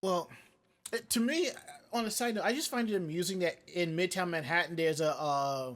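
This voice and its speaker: A man with a notably high-pitched voice talking loosely on a live-streamed show. He drifts from one tangent to the next and stops to read out chat messages, all in easy casual chat. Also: moderate pace, fairly bright tone. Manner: rambling, digressive, reads chat comments aloud. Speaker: podcast co-host.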